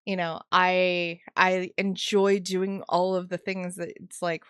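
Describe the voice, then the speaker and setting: A woman's voice: fairly low pitch, flat delivery, slow, clean tone, dry recording, clean studio sound. A woman co-hosting a podcast in casual chat, playful and self-mocking, laughing often. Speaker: podcast co-host.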